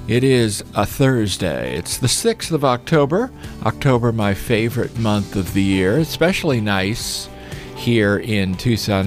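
A man hosting a live radio talk show from a studio, chatting in a relaxed, folksy way. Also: fairly low pitch.

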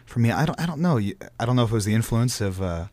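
A man's voice: mid-range voice, animated, rapid-fire, warm tone, no echo. A man, a stage actor, chatting casually in an interview, rambling with many restarts.

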